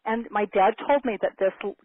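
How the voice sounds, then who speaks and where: Animated storytelling woman, tinny phone-like sound. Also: mid-range voice, normal speed, no room sound. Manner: animated, acts out quoted dialogue. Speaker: motivational speaker. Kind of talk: personal storytelling talk.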